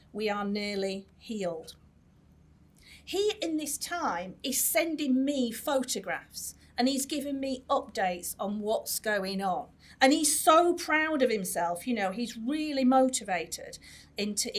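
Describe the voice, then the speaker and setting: A woman's voice: fairly high pitch, expressive, takes it slowly. A woman who is a nurse specialist giving a chatty conference talk, with many fillers and restarts. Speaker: tissue viability nurse specialist. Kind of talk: conference presentation. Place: conference hall.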